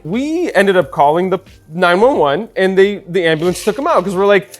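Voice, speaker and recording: A young man, a bartender telling a story in a casual, animated way while making a cocktail. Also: sits high, normal speed, soft background music. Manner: chatty, animated storyteller with many fillers.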